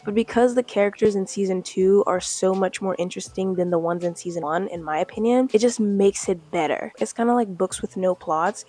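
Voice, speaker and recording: Chatty self-deprecating young woman vlogger. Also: medium pitch. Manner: candid, self-deprecating, expressive with swearing and "like" fillers. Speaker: booktube vlogger. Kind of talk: casual chatty review vlog.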